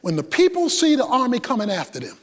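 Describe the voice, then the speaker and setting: A man preaching a sermon as pastor, emphatic and animated, swinging between loud bursts and hushed asides. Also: very high-pitched, fast talker, big-room sound.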